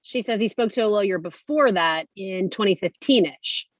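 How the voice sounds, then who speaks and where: A woman co-hosting a casual livestream, musing calmly and hedging her opinions. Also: medium pitch, moderate pace, no room sound. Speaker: podcast co-host. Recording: dry, muffled lo-fi audio.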